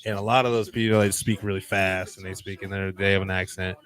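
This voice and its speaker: A man's voice: low-pitched, flat delivery, fast talker, fairly bright tone. A man co-hosting a casual podcast chat, rambling and reflective, laughing easily. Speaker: co-host.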